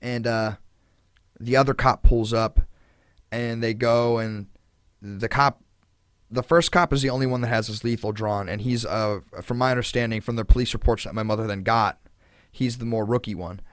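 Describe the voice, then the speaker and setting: A man's voice: mid-range voice, fairly even intonation, moderate pace, no room sound. Man, podcast host, casual storytelling, indignant, swears a lot, um and uh fillers, dry sound.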